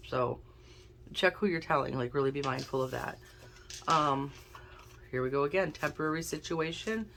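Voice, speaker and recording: A woman's voice: low voice, normal speed, noisy background. A woman giving a casual tarot and oracle card reading, chatting and thinking aloud as she draws cards. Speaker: intuitive card reader.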